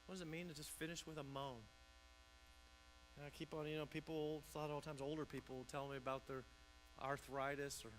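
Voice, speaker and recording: A man's voice: medium pitch, a bit bright, rough recording. A man pastor preaching a conversational sermon in a church, often restarting and repeating words.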